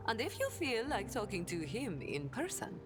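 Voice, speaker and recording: A woman voicing a sly, worldly smuggler-trader who keeps up a refined front, in a theatrical video game delivery with hushed asides. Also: fairly high pitch, big pitch swings, normal speed. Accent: non-standard accent. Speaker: game companion character. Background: game music.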